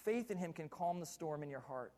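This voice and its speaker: A man's voice: fairly high pitch, expressive, brisk, a little mellow. A man preaching a sermon from a church pulpit, repeating key lines and putting questions to the congregation. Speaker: pastor.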